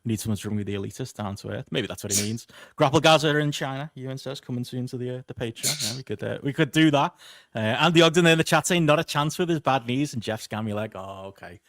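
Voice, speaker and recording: A man hosts a podcast at a rapid clip, rambling through his thoughts with plenty of fillers and reading out comments from the live chat. The sound is dry and close, with no room around it. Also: medium pitch, fairly bright tone, no room sound. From Liverpool, England. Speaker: podcast host.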